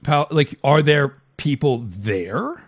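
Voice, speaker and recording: A man's voice: fairly high pitch, animated, slow pace, breathy edge. A man co-hosting a talk stream, reacting to clips in blunt, crude, heated talk with many restarts. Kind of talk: casual profane commentary.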